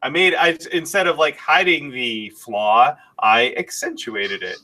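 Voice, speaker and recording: A man's voice: on the high side, unhurried, pushed and bright. A man co-hosting a live stream, reading questions and telling a chatty story with chuckles.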